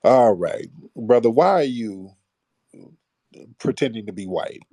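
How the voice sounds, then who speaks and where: A man's voice: medium pitch, animated, a little slow, dark tone, no echo, clean studio sound. A man hosting a live call-in show, talking bluntly in heavy slang and pushing back hard at callers. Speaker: host of a call-in audio show.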